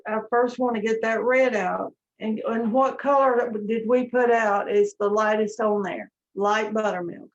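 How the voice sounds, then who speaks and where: A woman teaching a live painting class, talking gently step by step as she works. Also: a little high. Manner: slow, gentle step-by-step instruction. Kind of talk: live online painting lesson. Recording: dull lo-fi stream audio.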